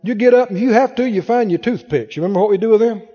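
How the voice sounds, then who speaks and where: A man's voice: high voice, racing, mellow, long reverb tail, highs cut off. A man preaching a sermon, telling a personal story and acting out the voices in it.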